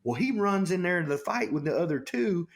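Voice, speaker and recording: Husky man telling a story. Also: sits high, expressive, fairly quick. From Texas. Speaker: guest. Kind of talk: casual storytelling.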